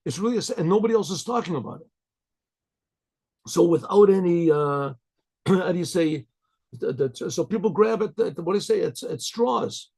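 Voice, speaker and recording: A rabbi teaching a Torah class in a loose, halting way, repeating words and often clearing his throat. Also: sits high, expressive, warm tone. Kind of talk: informal Torah lecture.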